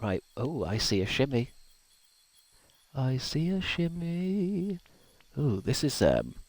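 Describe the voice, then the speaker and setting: A man's voice: lowish voice, low-quality recording. A man, streaming a game and chatting casually with viewers in a rambling way, laughing often. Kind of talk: casual gaming livestream chat.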